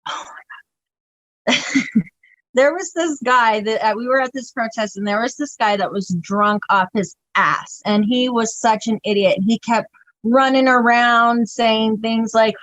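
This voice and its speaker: A woman guest on a podcast telling stories in casual chat, animated and profane, often breaking into laughter. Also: on the high side, a little slow, no echo, poor audio.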